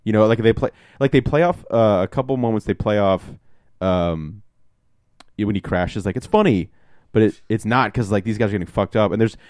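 A man's voice: fairly low pitch, brisk, darkish tone, no echo, studio quality. A young man hosting a podcast, reviewing a movie in casual, rambling chat full of fillers, restarts and swearing. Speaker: podcast host.

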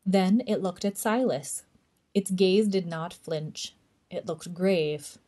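A woman librarian reading a chapter book aloud for a tween storytime, gentle and even. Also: fairly low pitch, slow.

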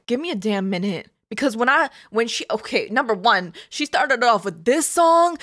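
Excitable woman with a lively, high voice. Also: normal speed, hardly any pauses, no echo, studio quality. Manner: excitable and exclamatory, gushing asides. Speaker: reaction video host. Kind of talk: casual reaction commentary.

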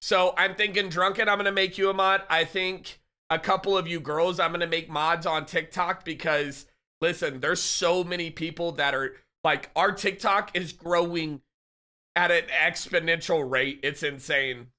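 A young man live-streaming, chatting casually and excitedly with his viewers and reading their messages aloud. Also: on the high side, moderate pace. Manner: hyped, laughing, reads chat aloud.

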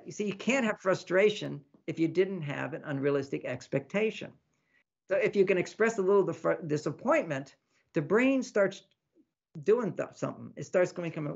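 A man with a high, gravelly voice speaks at a moderate pace over lo-fi audio. He's an author appearing as an interview guest, animatedly acting out snippets of dialogue and explaining ideas like a teacher, repeating lists as he goes.

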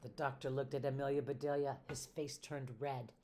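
Older female retired teacher, children's read-aloud, low, warm, unhurried narration. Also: flat delivery.

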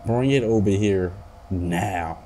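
Gaming streamer man, low voice, excitable running commentary. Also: takes it slowly, very noisy. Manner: excitable, talks to his in-game companion, trash-talks. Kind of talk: let's play commentary.

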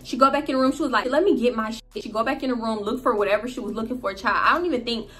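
Slangy, animated woman telling a story. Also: on the high side, racing, soft background music. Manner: animated, slangy, profane, laughing asides. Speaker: storytime vlogger. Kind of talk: casual storytelling.

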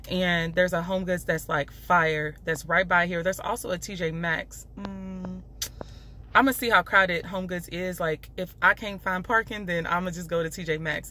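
A young vlogger with a Chicago accent and a fairly low, sharp-toned voice chats to the camera from her car. The phone is held at arm's length, and she's talkative, speaking straight to viewers and frequently saying "y'all."

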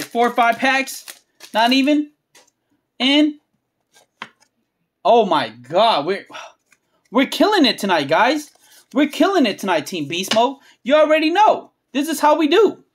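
A channel host rips trading card packs, listing cards under the breath and erupting with cursing hype at the big hits. The delivery is slow and drawn out, with emphatic repeats and shouts when something rare turns up. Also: high-pitched. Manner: excitable, swears freely, yells at big pulls; drawn-out, emphatic phrasing between muttered card lists. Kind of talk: hyped pack-opening vlog commentary.

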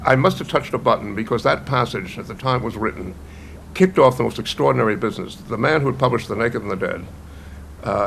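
An older American man talks slowly and thoughtfully, stopping now and then to restart. His voice is gravelly, with a faint hiss behind it. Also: on the low side, fairly bright tone. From United States. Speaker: novelist being interviewed. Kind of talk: reflective documentary interview.

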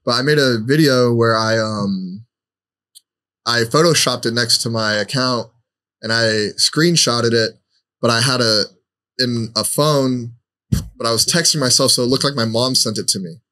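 A young man, a podcast guest and social media creator, telling loose, animated stories and swearing freely. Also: medium pitch, moderate pace. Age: young adult. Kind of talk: casual storytelling.

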